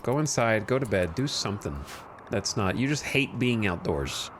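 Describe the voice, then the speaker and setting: A man's voice: lowish voice, expressive, normal speed, slight background noise. A man giving casual, wry, self-deprecating commentary while streaming a game.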